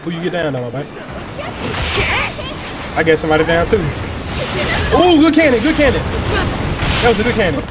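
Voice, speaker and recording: A man hosting a gaming channel, giving excitable, slangy, trash-talking live commentary while he plays. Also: high voice, normal speed, pauses often. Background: loud game music.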